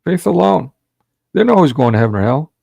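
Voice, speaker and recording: A man with a gravelly, creaky voice preaches in a fervent, rhetorical style while hosting a live online watch party. His voice sits at a middle pitch, and the recording is dry and close, with no room sound. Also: big pitch swings, racing, darkish tone, no room sound. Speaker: livestream host. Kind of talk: preaching livestream talk.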